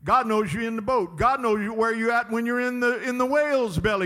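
A man's voice: extremely high pitch, expressive, brisk, few pauses, sharp tone. A man preaching a sermon in a church, emphatic and repetitive, pressing the congregation with call-and-response lines. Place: church sanctuary. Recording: long hall reverb in a church.

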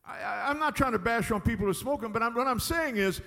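A pastor with a high-pitched, gravelly voice gives a folksy sermon at a quick pace with hardly any pauses, swelling to loud, emphatic peaks and sinking into quiet asides. He chuckles between points, and the long reverb of a church hall rings around him.

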